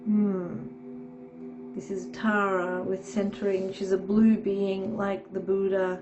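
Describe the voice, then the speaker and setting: A woman's voice: medium pitch, level tone, slow pace, dull audio, music in the background. A woman with a nasal, stuffed-up voice from a cold gives a rambling tarot reading, often checking in with "okay". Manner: meandering, reassuring, frequent "okay". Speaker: tarot reader. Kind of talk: casual tarot reading to camera.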